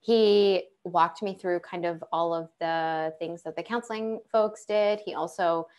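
Speaking a little slowly in a smooth, darkish, fairly low voice, a young woman on a panel describes her own life. Her delivery is conversational, peppered with fillers and false starts.

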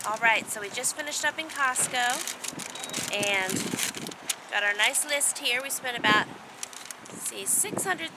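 A woman's voice: on the high side, unhurried, long pauses, very noisy. A woman casually narrating a family vlog, chatty and upbeat with frequent fillers. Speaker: vlogger, mother of a large family.

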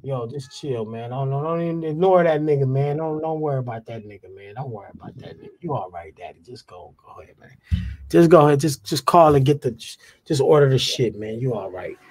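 A man imitating a hushed, low-voiced calm man. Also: brisk, close to an everyday voice. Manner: soothing, hushed, mumbled. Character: laid-back grown man calming a friend, low and hushed.

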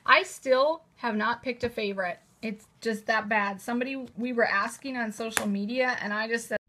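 A woman's voice: fairly high pitch, moderate pace, few pauses, sharp tone, slight background noise. Gushing, chatty woman showing off products. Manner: gushing, chatty, repeats "how cute is that". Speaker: host presenting new planners. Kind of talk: casual live-stream product showcase. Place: indoors at a table at home. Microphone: camera in a holder on the table.

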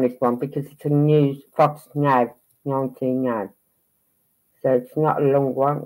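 A man's voice: mid-range voice, little pitch movement, a little slow, darkish tone, poor audio. A man hosting a casual livestream, rambling and stopping mid-thought while he sorts out his screen. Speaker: livestream host. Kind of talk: casual chat about a case.

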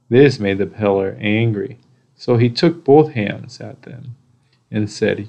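A man reading a children's picture book aloud, slow and deliberate with pauses. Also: fairly low pitch, vocal fry, dark tone. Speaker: storybook reader. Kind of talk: children's story read-aloud.

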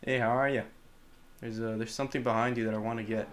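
A young man giving casual, joking commentary on a horror game, chatting to the characters and breaking into loud yelps. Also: mid-range voice, little pitch movement, fast, background noise. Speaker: gameplay commentator.

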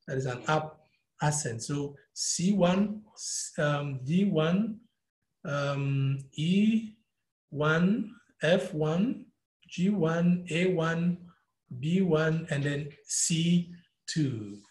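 Slow, echoey Ghanaian man teaching music. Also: fairly high pitch, a little mellow. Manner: mixes English and Twi, spells out note names one by one. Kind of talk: live-streamed music theory lesson. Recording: echoey room.

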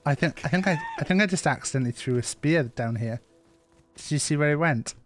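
A man streaming a survival game, his voice sitting a little high. He chats loosely into his mic and often repeats himself as he thinks aloud. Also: animated, fairly quick, soft background music. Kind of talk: live gameplay commentary.

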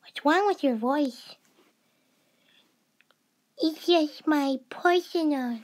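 A woman's voice: high-pitched, drawn-out words, long pauses, a little mellow. A woman playing through a silly skit, who talks playfully and keeps dropping into mumbled whispers. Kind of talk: playful toy-play voices.

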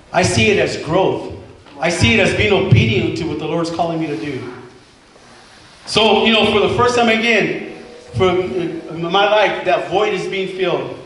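A man's voice: sits high, unhurried, long pauses, fairly bright tone. A man in his forties giving an earnest personal testimony to a congregation, repeating himself and acting out quoted dialogue, recorded from a distance in a large church hall. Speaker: former member giving testimony. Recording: echoey hall from far off, faint hiss.

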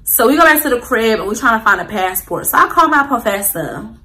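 A young woman tells a casual storytime straight to her viewers. Her voice is bright and crisp, and she is loose and animated, full of slang and asides to the audience. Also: a little high, fast, low-quality recording. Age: young adult. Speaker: vlogger.

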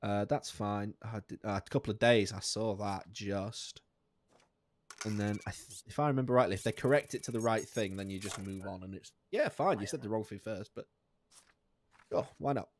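A man's voice: normal speed, slight background noise. Sweary, jokey man streaming. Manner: jokey and sweary, laughing often, with sudden high squeaks of outrage. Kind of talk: live gameplay commentary.

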